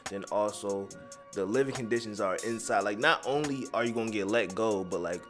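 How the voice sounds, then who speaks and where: A man's voice: fairly low pitch, brisk, a bit bright, faint music behind. A man giving heated, profane commentary, rambling and drifting off his script. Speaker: commentary vlogger.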